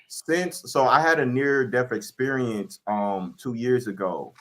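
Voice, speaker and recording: A man guest on a casual interview, calmly explaining his spiritual practice and DJing. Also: medium pitch, unhurried.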